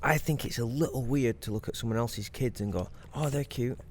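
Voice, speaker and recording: A man's voice: mid-range voice, a little fast, a little hiss or hum. A man co-hosting a casual podcast chat, swearing freely and pushing back with questions. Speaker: podcast co-host.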